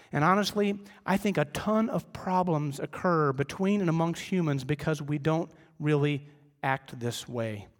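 A middle-aged man preaching a sermon as pastor, conversational, telling humorous family stories and dropping his voice low for emphasis. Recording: long reverb of a large hall.

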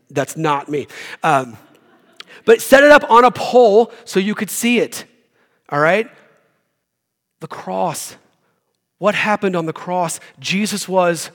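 A man's voice: high voice, a bit bright. A man preaching as a guest pastor, reading scripture with casual, joking asides. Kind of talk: sermon. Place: church hall. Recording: long reverb of a church hall.

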